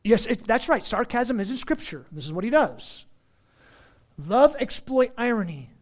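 A man preaches an expository sermon from the pulpit, teaching verse by verse like a pastor, his pitch swinging widely as he drives points home. He alternates loud, emphatic lines with sudden soft asides at a moderate pace.

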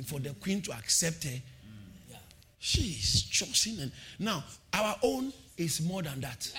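A man preaching a sermon, shouting calls to the congregation and repeating phrases with a sing-song emphasis. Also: on the high side. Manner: repeats phrases, laughs between points.

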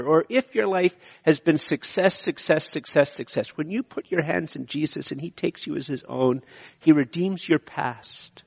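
A middle-aged man preaching a sermon as pastor, impassioned and repetitive, swinging from hushed lines to loud ones. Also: fairly high pitch, unhurried, creaky. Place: church sanctuary. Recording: long hall reverb.

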